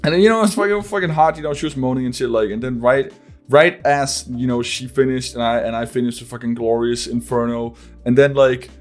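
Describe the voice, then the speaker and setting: A man's voice: mid-range voice, steady tone, a little fast, faint music behind. Rambling, profane male podcast host. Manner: rambling, profane, frequent laughing and "like". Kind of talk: casual podcast chat.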